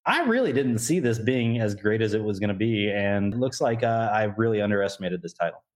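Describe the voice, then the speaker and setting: A man chatting casually on a podcast in a relaxed, conversational way. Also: fairly low pitch, fairly quick.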